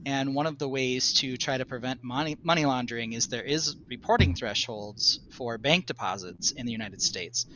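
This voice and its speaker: A man co-hosting a casual podcast, explaining things in a measured, lawyerly way. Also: medium pitch, pushed and bright, dull audio, a little hiss or hum. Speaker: podcast co-host, attorney.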